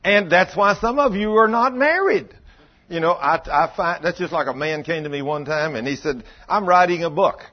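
A man's voice: a little high, expressive, moderate pace, lo-fi sound. A man preaching a sermon in a folksy storytelling way, acting out both sides of past conversations. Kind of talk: sermon with acted-out dialogue.

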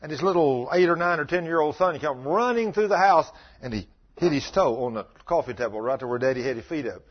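A man's voice: a little high, expressive, quick pace, breathy edge, muffled recording. A man preaching a sermon as pastor, telling folksy stories and building to emphatic scolding.

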